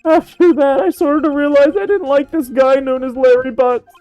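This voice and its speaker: A woman's voice: sits high, fairly even intonation, moderate pace, warm tone, no echo, faint music behind, lightly acted, low-quality recording. A woman voicing a goofy, flustered young man in a game fan dub, stammering and gushing.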